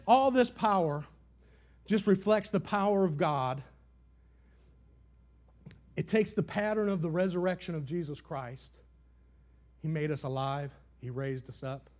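A middle-aged man preaches a sermon in a high voice. He swings from loud, high cries down to low, quiet asides. He keeps putting questions to the congregation. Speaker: pastor.

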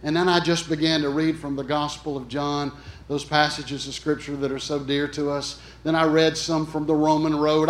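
A man preaching an emphatic storytelling sermon, speaking earnestly and directly to his congregation. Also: a little high. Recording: echoey room.

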